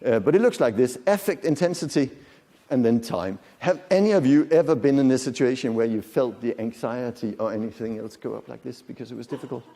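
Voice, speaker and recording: A man in his fifties lectures live to a large conference hall, chatting conversationally, joking and quizzing listeners. He has an expressive, mid-range, dark voice and talks a little fast, with long reverb from the hall.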